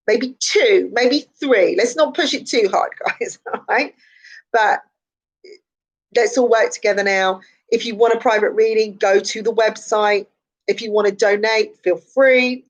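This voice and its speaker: A woman speaks as a psychic in a casual morning live stream, her voice slightly hoarse. She talks in a chatty, repetitive and encouraging way and laughs often. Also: mid-range voice, low-quality recording.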